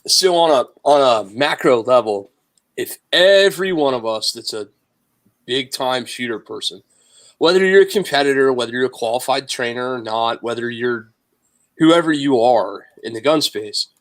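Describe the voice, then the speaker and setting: A man's voice: mid-range voice, lively intonation, moderate pace. A man hosting a casual podcast, talking bluntly and emphatically, with plenty of swearing. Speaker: podcast host.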